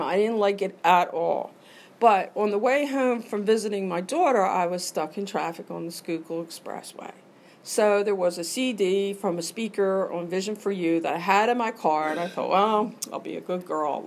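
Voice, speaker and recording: A middle-aged woman speaks at a recovery meeting in a mid-pitched voice, telling her own story with candid earnestness. She acts out the voice in her own head as she goes, in the manner of a personal recovery share.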